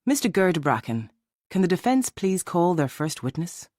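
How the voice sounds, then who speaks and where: A man voicing an authoritative female judge with a booming voice. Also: big pitch swings, moderate pace, a little mellow, no room sound, studio quality.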